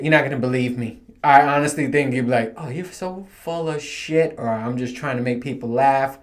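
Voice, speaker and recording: A man hosting his own podcast, rambling through casual stories with lots of swearing and frequent laughter. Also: medium pitch. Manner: profane, storytelling, laughing often. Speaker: podcast host.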